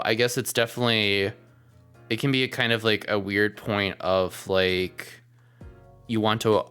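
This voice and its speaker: Low-voiced, rambling livestream podcast host. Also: fairly bright tone, clean tone. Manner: rambling, lots of fillers and casual swearing. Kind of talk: casual livestream chat.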